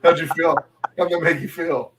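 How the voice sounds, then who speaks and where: A man's voice: fairly high pitch, steady tone, normal speed, a crowd in the background. A man co-hosting a podcast, teasing and laughing often in casual chat. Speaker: podcast co-host.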